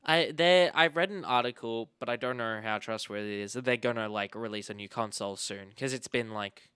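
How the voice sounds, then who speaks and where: Bright-voiced young man rambling. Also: mid-range voice, brisk, clean tone, no room sound, studio quality. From Australia. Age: young adult. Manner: rambling, animated, swearing. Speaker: podcast host. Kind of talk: casual chat.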